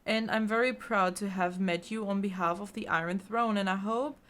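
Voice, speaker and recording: A woman's voice: medium pitch, steady tone, moderate pace, a bit bright, lightly acted. A woman voicing a fussy male accountant clerk in a fantasy game, formal and bureaucratic.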